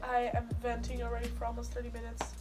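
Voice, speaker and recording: A woman's voice: on the high side, completely flat delivery, quick pace, over loud music. A young woman venting to camera while in pain and close to tears, stressing her words by repeating them. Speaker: vlogger.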